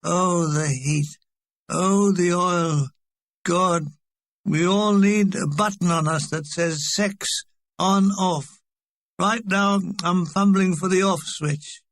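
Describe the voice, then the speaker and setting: A man's voice: high-pitched, slow, fairly bright tone, no echo. A man reading a comic memoir aloud with a wry, dry delivery. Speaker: audiobook reader.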